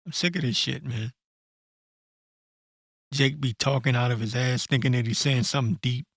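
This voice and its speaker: A man ranting bluntly and profanely in an unscripted commentary, stopping to read verses slowly and correct himself. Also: mid-range voice, fairly bright tone, dry recording, studio quality. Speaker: online commentator. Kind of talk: blunt unscripted rant with scripture reading.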